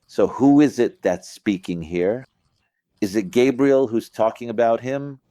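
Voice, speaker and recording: A man's voice: mid-range voice, measured pace, warm tone, no room sound. A middle-aged man giving an informal religious lesson, talking conversationally, checking in with listeners and acting out phrasings with emphasis. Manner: conversational, asks listeners "you get it?"; acts out phrasings with vocal emphasis. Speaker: religious teacher. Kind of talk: informal explanatory lecture.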